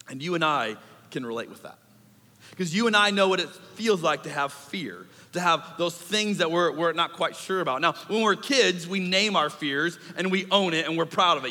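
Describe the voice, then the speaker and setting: A man in a church sanctuary delivers a sermon. He talks in an animated, conversational way and acts out little asides. His high, bright voice rings through a large, reverberant hall. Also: moderate pace. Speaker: pastor.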